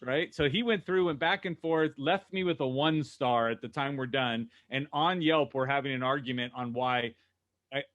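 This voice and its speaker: A man on a video call panel, telling lively stories about running a car dealership and acting out the voices he quotes. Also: medium pitch, moderate pace, highs cut off. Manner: animated storyteller, acts out quoted voices. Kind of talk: casual panel discussion.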